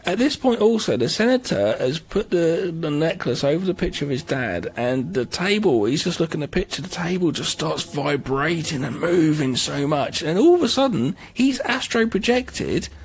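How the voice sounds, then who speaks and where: A man, co-hosting a podcast in casual chat, excitable and swearing freely. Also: a little high, normal speed, hardly any pauses. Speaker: podcast co-host.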